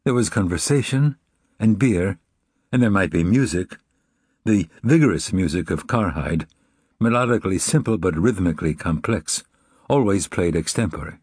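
Male audiobook narrator, low and slightly husky voice, dry close recording, measured reflective read. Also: expressive, a little mellow, no echo. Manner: measured, reflective, evenly paced reading. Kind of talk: scripted narration.

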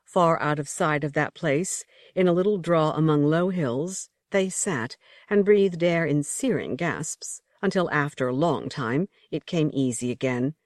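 A woman's voice: deep voice, unhurried, dry recording, clean studio sound. A woman narrating an audiobook story with vivid, rhythmic storytelling. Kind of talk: expressive scripted narration.

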